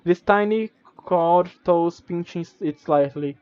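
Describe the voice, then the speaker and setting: A man's voice: sits high, unhurried, smooth, no echo, muffled recording. A man streaming, reading a gamebook aloud with stumbles, restarts and casual asides. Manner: reads with stumbles and self-corrections, casual asides.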